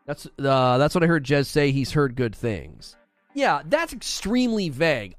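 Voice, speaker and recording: Man, live streamer, skeptical, argumentative, repeats words, fairly high voice, very lively pitch. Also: no echo. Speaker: streamer reading chat. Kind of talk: casual live-stream chat.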